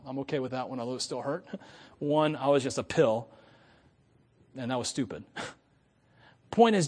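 A middle-aged pastor with a slightly high voice tells stories in his sermon, shifting from hushed asides to loud preaching and laughing at his own anecdotes. A large hall gives the recording a long reverb.

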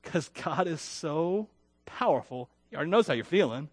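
A high-pitched man preaches to his congregation in a chatty, self-deprecating way. He pushes certain words loud and lets others drop quiet, often turning to ask the people questions. The sound is dry and close, with no room echo. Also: lively intonation, moderate pace, husky, faint music behind. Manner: swings between loud emphatic peaks and quiet dropped endings. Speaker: pastor. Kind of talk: sermon.

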